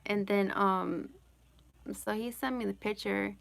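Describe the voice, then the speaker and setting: Woman, mid-pitched voice, very gravelly, casual live chat, rambling, giggly. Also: steady tone, slow pace. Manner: rambling, full of "like" and "you know"; giggles often while talking. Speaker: live-stream host answering chat questions.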